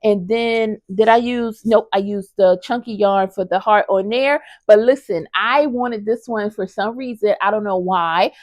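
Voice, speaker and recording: A woman's voice: medium pitch, a little slow, few pauses, no room sound. A woman vlogger chatting casually about her crochet projects, enthusiastic and talking straight to her viewers. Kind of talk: casual review chat.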